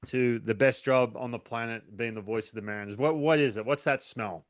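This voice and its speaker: A male podcast host firing off quick interview questions, laughing often and tripping over his words. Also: mid-range voice. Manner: laughs often, stammering restarts, playful. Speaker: host, former pitcher. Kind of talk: rapid-fire interview questions.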